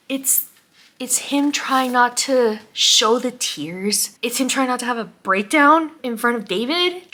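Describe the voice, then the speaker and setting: A young woman vlogging about a book she loves, tearful and halting, often dropping to a whisper as she fights back crying. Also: fairly high pitch, sharp tone. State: close to crying. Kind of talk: emotional book reaction.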